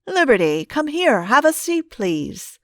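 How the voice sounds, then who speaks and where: A man's voice: high-pitched, sing-song, a little slow, clear, resonant tone, dry recording, studio quality, exaggerated voice. A woman reading aloud as a male pastor with a thick accent, beaming and eager, in an audiobook. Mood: beaming, encouraging.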